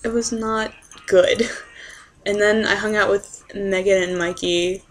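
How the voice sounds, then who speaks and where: A young woman in college, vlogging in an excitable, rambling way, swearing freely and dropping into whispers now and then. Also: mid-range voice, a little slow. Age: young adult. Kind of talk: casual rambling rant.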